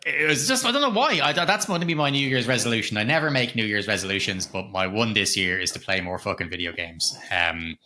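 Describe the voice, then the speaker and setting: A man's voice: on the low side, brisk, few pauses, sharp tone. A middle-aged man co-hosting a podcast, chatting about video games in a laid-back, jokey way with casual swearing. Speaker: podcast co-host.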